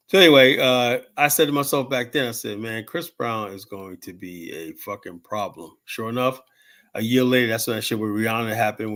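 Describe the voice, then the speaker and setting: A man's voice: mid-range voice, a bit bright. A man in his fifties telling rambling stories in casual talk, swearing freely and full of fillers and restarts. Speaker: show host telling stories.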